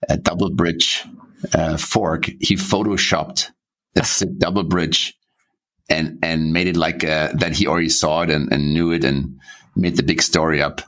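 A man's voice: deep voice, fairly bright tone. A man hosting a podcast interview, chatting, reminiscing and asking questions. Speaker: podcast host. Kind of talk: casual interview.

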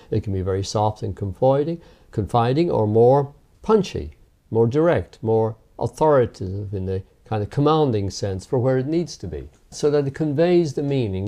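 A man who teaches hypnotherapy, explaining its methods in a measured, emphatic interview. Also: fairly low pitch, mellow.

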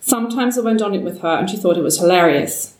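A woman's voice: fairly low pitch, animated, quick pace, a little mellow, natural voice. A woman voicing a grieving, weary old man who speaks in a trembling, sorrowful way, recorded from a distance in a roomy space. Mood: wistful.

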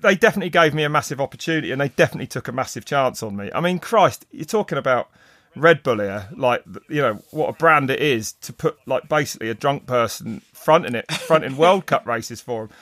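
A middle-aged man, a race commentator, telling stories in casual chat, rambling and animated with many restarts. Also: mid-range voice, brisk, dry recording. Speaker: mountain bike race commentator. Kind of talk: casual podcast storytelling.

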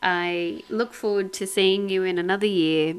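Woman podcast co-host, casual, laughs often, medium pitch. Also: steady tone, normal speed, clean tone.

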